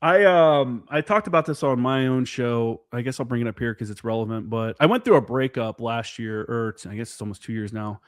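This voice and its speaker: Brief: plain-spoken veteran guest, open and sweary, medium voice, no room sound. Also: male voice, medium pitch, a little fast, few pauses, dry recording, clean studio sound. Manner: candid, profane, peppered with "dude" and "man". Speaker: podcast guest, former Marine forward observer. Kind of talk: casual podcast chat.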